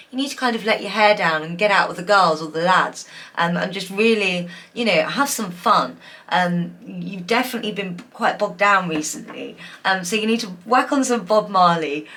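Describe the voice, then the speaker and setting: A woman's voice: fairly low pitch, fairly bright tone. A woman giving a pick-a-card tarot reading, emotional and gushing, with many fillers. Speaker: tarot reader.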